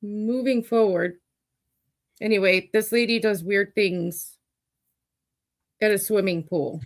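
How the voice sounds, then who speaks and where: A woman's voice: mid-range voice, slow pace. A woman hosting a casual comedy chat show, speaking in a firm, dry manner. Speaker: show host.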